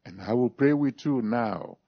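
On a dull lo-fi recording, a man delivers a sermon, reading from scripture before moving into an altar call and a prayer. He preaches emphatically, his pitch swinging widely as he draws his phrases out slowly.

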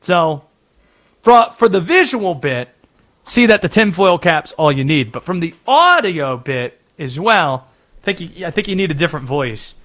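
A sports radio host from North Carolina, talking through his takes in a chatty, opinionated way. His voice sits high and moves a lot, lively and animated from phrase to phrase. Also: moderate pace.

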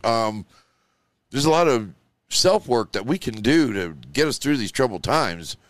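An expressive man with a medium-pitched voice hosts a live show at a measured pace, rambling emotionally and loosely with lots of "you know" and "like." The recording has clean studio sound and no echo.

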